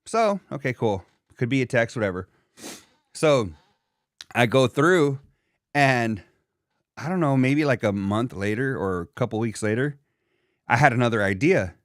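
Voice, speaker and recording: A man's voice: medium pitch, lively intonation, measured pace, long pauses, no echo, clean studio sound. Rambling, foul-mouthed young podcast co-host, a man. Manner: rambling, profane storytelling with many fillers. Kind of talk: casual chat.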